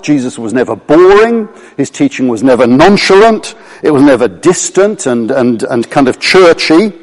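A man's voice: a little high, a little mellow. Earnest preacher man in a reverberant hall. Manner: earnest, emphatic, slows down to quote scripture. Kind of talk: sermon.

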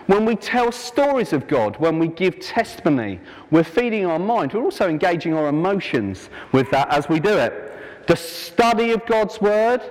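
A man's voice: a little high, darkish tone. A man preaching an informal sermon to a church congregation, chatty and self-deprecating, breaking into jokey asides. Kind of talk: informal sermon with a sung action chorus. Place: church hall. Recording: long church hall reverb.

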